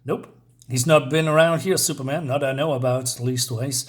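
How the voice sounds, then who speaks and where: A man's voice: medium pitch, fairly even intonation, normal speed, close to an everyday voice. A man voicing a plainspoken small-town sheriff with a folksy drawl.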